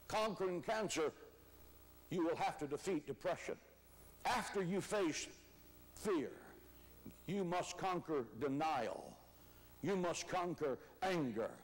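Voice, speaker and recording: An older man preaching a sermon as pastor, emphatic, rising to shouts on key words. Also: high voice, low-quality recording.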